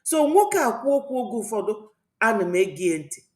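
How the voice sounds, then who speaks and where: A woman's voice: mid-range voice, big pitch swings, fairly quick. A woman with an Igbo accent delivers political commentary on her own channel, drifting and preaching as she goes. Her voice sits in the middle of the range. It rings in a noticeably echoey room. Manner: rambling, mixes Igbo and English, preachy. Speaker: channel host. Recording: roomy echo.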